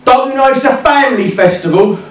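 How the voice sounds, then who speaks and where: A woman's voice: high-pitched, animated, slow pace, pitched above the performer's own voice. A male storyteller putting on the voice of an indignant woman heckler who scolds him, in a live show. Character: stern pink-haired woman heckler, scolding. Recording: echoey club from far off, crowd.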